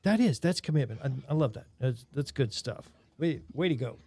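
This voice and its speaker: A man's voice: medium pitch, animated, fairly quick, dark tone. A man hosting a casual podcast, joking easily with his guests as he interviews them. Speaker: podcast host.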